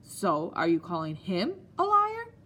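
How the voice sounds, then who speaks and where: A woman's voice: fairly low pitch, huge pitch swings, a little slow, bright, forceful tone, slightly rough, exaggerated voice. A woman doing a cold, domineering old headmaster. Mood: stern. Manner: clipped, domineering, scornful. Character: stern, cold elderly male headmaster.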